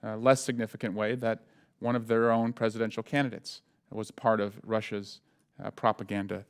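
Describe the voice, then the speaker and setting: A man in a hearing room questions witnesses with a smooth, resonant voice. He speaks at a measured pace, pausing often to gather his words. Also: lowish voice, flat delivery. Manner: measured questioning with frequent uh fillers.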